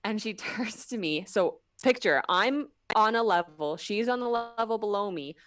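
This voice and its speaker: A woman guest on a podcast, an animated storyteller with quick asides, chatting casually about her work as a cruise ship dancer. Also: medium pitch, far from the mic. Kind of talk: casual podcast interview chat.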